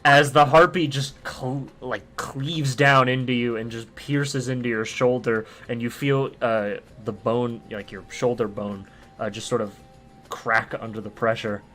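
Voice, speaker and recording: A young man acting as dungeon master, narrating combat in a relaxed way with plenty of filler sounds, recorded on a home mic over a voice call. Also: medium pitch, a little slow, faint music behind. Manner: easygoing, many "uh" fillers, vivid combat narration. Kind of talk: narrating a tabletop game online.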